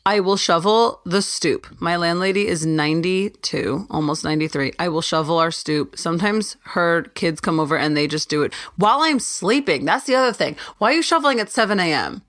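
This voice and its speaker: A young woman hosting a casual solo podcast, ranting in an animated, self-interrupting way. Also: fairly low pitch, fairly quick, few pauses. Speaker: podcast host.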